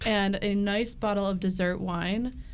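A woman's voice: medium pitch, steady tone, unhurried, smooth. A twenty-one-year-old woman in a casual group chat, enthusiastic about her plans.

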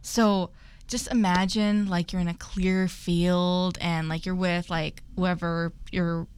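A woman's voice: on the low side, little pitch movement, takes it slowly, darkish tone, clean tone. A woman hosting a casual group chat, talking loosely with many fillers. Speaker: host.

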